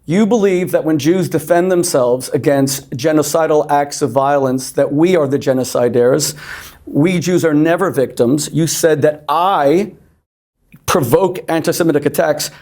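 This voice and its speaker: A man's voice: a little high, unhurried, darkish tone. Man, rabbi on a panel, heated and emphatic, repeats words to break in. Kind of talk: heated televised panel debate.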